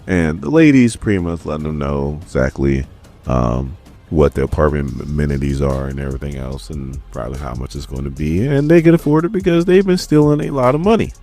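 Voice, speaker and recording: Male comic recapper, deep lively voice, casual slangy storytelling, light music under. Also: brisk. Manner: laid-back, slangy storytelling. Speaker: comic book reviewer.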